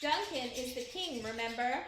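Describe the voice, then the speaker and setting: A woman's voice: sits high, lively intonation, moderate pace, reverberant, background noise. A woman reading a cheerful warrior friend. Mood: light. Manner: light, joking delivery.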